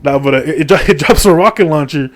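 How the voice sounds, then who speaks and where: A middle-aged man tells a game's story in a loose, rambling way, swearing constantly and throwing in crude jokes. His voice sits fairly high for a man, and he fills the gaps with "like" and "you know.". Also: fast. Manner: rambling, profane, crude jokes, lots of fillers. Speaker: gaming video creator. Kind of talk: casual comedic game story recap.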